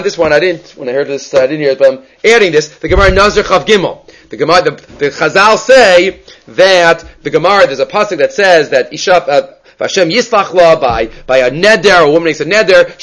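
Man, Talmud teacher, somewhat high voice, animated and questioning. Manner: animated, rhetorical questions, mixes Hebrew terms. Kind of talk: daily Talmud class.

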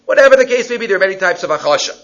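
Lively man teaching a Talmud class. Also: high-pitched. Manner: animated, quick Hebrew-Aramaic citations, rhetorical questions. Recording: dull lo-fi recording.

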